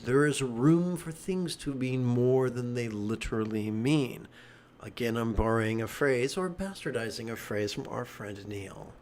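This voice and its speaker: Meditation teacher, male, lively and joking, mid-pitched voice. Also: unhurried, slight background noise. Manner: animated, joking asides. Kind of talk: dharma talk.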